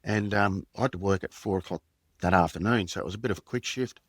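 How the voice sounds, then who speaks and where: Low-voiced Australian man telling a story. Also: husky, no room sound. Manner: halting, reflective, many fillers and restarts. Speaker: podcast guest, former police detective. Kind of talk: personal storytelling in conversation.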